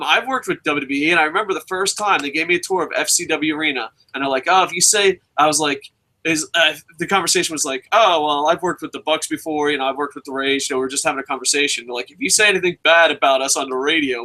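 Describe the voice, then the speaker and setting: A man's voice: on the high side, quick pace, sharp tone. A man co-hosting a wrestling news show, ranting bluntly and profanely in casual chat.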